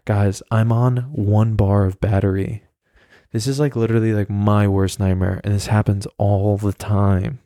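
A man's voice: on the low side, flat delivery, measured pace, warm tone, dry recording, clean studio sound. A man hosting a podcast alone, telling a story in a rambling, profane way and laughing at himself. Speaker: podcast host. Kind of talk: casual solo storytelling.

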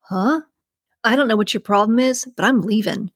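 A woman reading a story, voicing a crude, pushy adult man who turns indignant and rises in pitch when upset. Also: moderate pace, no echo, clean studio sound, lightly acted.

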